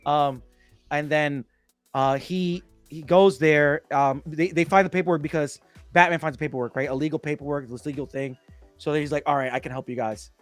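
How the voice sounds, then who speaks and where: Excitable male host, retells scenes with voices; high, dry, close-miked. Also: moderate pace, dry recording, faint music behind. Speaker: podcast host. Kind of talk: casual movie discussion.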